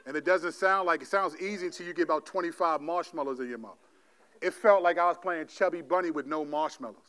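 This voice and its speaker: A male pastor preaching a sermon, telling stories animatedly, playing out God's voice in slangy asides and then dropping into a quieter, gentle exhortation. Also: a little high. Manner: drops to a soft, quiet delivery for the exhortation.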